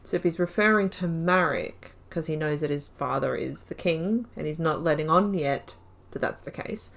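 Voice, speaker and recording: A woman's voice: low voice, moderate pace, creaky, a bit bright. A woman hosting a game playthrough, musing aloud and rambling through her thoughts as she plays. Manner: rambling, musing aloud, acts out quoted lines. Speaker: let's play host. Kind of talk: gameplay commentary.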